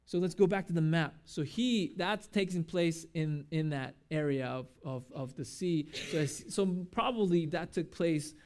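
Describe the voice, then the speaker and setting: A male pastor delivers a sermon at a church service with a slightly raised pitch. His manner is casual and chatty, with fillers, and he acts out the people he quotes. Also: moderate pace, few pauses, a little mellow. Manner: casual, conversational preaching with fillers and acted-out quotes.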